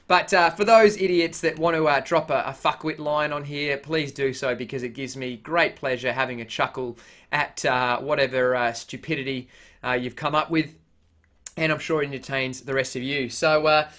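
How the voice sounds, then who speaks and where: A man's voice: a little high, a bit bright. An Australian man vlogging casually, blunt and heavily profane, with frequent filler sounds. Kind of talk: casual vlog chat.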